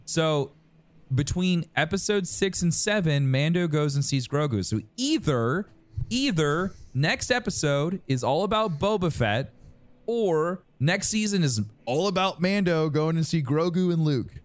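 A man's voice: a little high, animated, unhurried. A man co-hosting a podcast, rambling in casual chat with many restarts and fillers. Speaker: podcast co-host.

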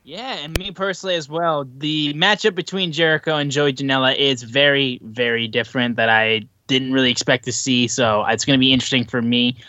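A man hosting a casual podcast, relaxed, running through the sign-off and plugs. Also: medium pitch, brisk, hardly any pauses, dry recording, highs cut off. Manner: relaxed, reads plugs, swears when he stumbles. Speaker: podcast host.

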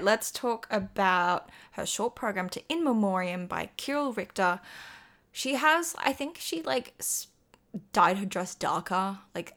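A young Australian woman co-hosting a casual commentary chat, slangy and quick to laugh. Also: medium pitch, a bit bright. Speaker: co-host.

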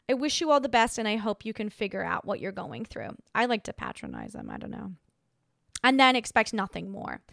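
A woman's voice: on the high side, fairly bright tone, dry recording, studio quality. Sassy, blunt podcast host woman. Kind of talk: casual advice chat.

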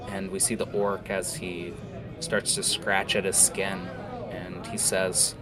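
A man narrating a fantasy tavern scene in a relaxed way, with fillers. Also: low-pitched, takes it slowly, crowd noise. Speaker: storyteller.

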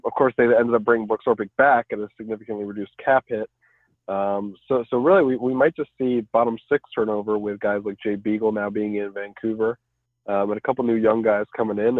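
A man appearing as a podcast guest, giving a measured rundown with frequent ums. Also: on the low side, steady tone, dry recording. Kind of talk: casual sports analysis. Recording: dry, tinny phone-like line.

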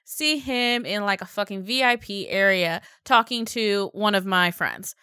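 Young woman, bright clear voice, dry close sound, blunt and sweary, casual podcast chat. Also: mid-range voice, moderate pace, hardly any pauses, no echo. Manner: blunt, profane, storytelling with quoted dialogue. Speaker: podcast co-host.

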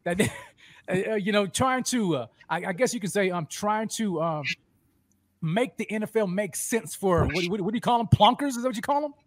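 A man hosting a casual sports fan show, excitable and restarting his sentences with repeated words. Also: high-pitched, normal speed, no room sound. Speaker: host.

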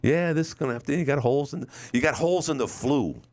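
A man's voice: mid-range voice, lively intonation, fast, noisy background. A middle-aged man hosting a call-in radio talk show, rambling through stories and acting out quotes. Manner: rambling storyteller, acts out quotes.

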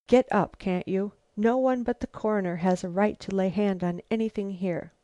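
A woman reading the lines of a gruff, curt male policeman in a storybook reading. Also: mid-range voice, steady tone, moderate pace, dark tone, dry recording, close to an everyday voice. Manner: growling, curt.

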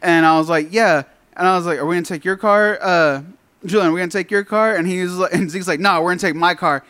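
A man's voice: high voice, fast talker, smooth, dry recording. A man telling a story in casual chat with friends, swearing and acting out the quotes. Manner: animated, swearing, acts out quotes.

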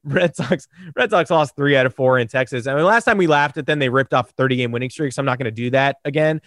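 A man co-hosting a sports podcast, hoarse and animated, talking in a sarcastic, rambling way. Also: medium pitch, fast talker, no room sound, studio quality. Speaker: podcast co-host. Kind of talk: casual sports podcast chat.

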